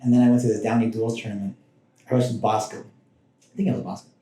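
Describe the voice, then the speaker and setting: A man tells stories from his past in a loose, rambling way, often restarting his sentences and breaking off into asides. His voice is mellow and low in brightness. The room around him is noticeably echoey. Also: fairly even intonation, fast. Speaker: podcast guest. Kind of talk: casual personal storytelling. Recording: roomy echoing room.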